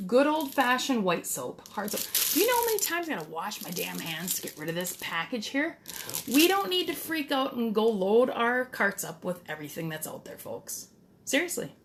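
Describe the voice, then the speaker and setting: Speaking in a higher voice with background noise around her, a middle-aged DIY vlogger chats casually to the camera. Her manner is blunt and talkative, with a bit of mild cursing.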